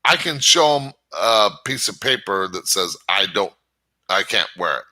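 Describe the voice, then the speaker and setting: Slow-talking man with a bright, forceful voice. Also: on the low side, expressive. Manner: rambling, stammers and restarts often. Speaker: channel host. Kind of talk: casual opinion monologue.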